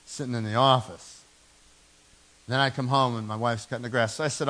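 A man in his forties preaching a sermon in a church, telling stories with animated, self-mocking humor. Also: medium pitch, fairly quick, poor audio. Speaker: pastor. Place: church sanctuary.

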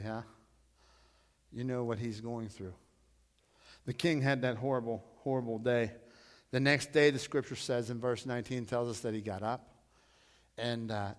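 A middle-aged male pastor preaching a storytelling sermon, repeating himself and swelling loud when he quotes scripture. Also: mid-range voice.

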